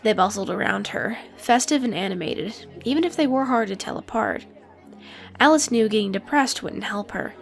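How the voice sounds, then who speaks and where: A woman narrating an audiobook in an expressive storytelling manner. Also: mid-range voice, moderate pace, creaky, faint music behind.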